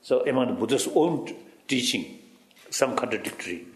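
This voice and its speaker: A man giving halting, reflective interview answers in broken English, often repeating "you see" and chuckling. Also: medium pitch, animated, roomy sound. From Tibet. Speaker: interviewee, spiritual teacher.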